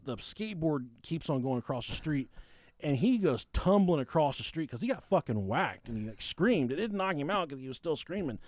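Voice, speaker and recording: Young guy on a podcast, lively up-and-down voice, swears a lot, dry close sound. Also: a little high, a little fast, no room sound. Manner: profane, animated, acts out quoted people. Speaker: podcast host. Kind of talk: casual storytelling chat.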